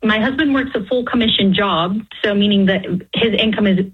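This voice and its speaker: A woman calls in to an advice show in a husky voice. She sounds friendly and a little hesitant, and the phone-in line sounds dull. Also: medium pitch, brisk. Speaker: caller. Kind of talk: phone-in question.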